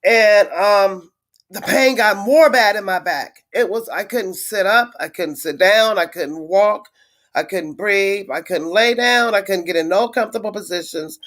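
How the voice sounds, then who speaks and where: A woman chatting casually on a live stream to her viewers, venting in a frustrated, blunt way with swearing and halting restarts. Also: mid-range voice, a bit bright. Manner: halting with many fillers and restarts. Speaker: livestreamer greeting viewers.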